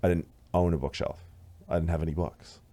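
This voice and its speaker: Guy in his 30s telling a wild story on a podcast, kinda low voice, swears a lot. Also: a little fast, slight background noise. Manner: animated, swearing, acts out quoted voices loudly. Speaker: podcast co-host. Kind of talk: casual storytelling chat.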